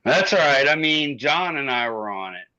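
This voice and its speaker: A man's voice: medium pitch, big pitch swings, moderate pace, crowd noise. A man chatting casually on a live stream, with a dry, easygoing teasing manner. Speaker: guest on a motorcycle live stream. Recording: dull lo-fi audio.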